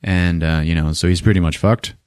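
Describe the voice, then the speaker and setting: A man's voice: deep voice, a little fast, smooth, no room sound, studio quality. A man hosting a podcast, casually recapping a film with profanity and funny acted-out voices. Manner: animated, profane, acts out scenes with funny voices. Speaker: podcast host. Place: podcast studio.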